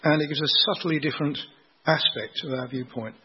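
A man giving a sermon, explaining scripture in an unhurried teaching manner and asking rhetorical questions. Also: fairly high pitch, husky, lo-fi sound. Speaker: preacher.

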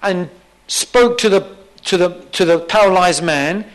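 Guy preaching a sermon, high voice, slow and emphatic, repeats stuff for weight. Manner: acts out quoted lines in a softer, lower voice.

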